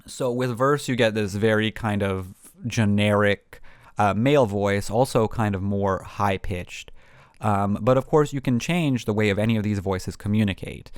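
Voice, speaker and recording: Male tutorial host with a lowish voice, chatty and unscripted, full of fillers, dry close sound. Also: normal speed, clean tone, dry recording. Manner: rambling, many ums and restarts. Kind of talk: casual screen-recorded tutorial.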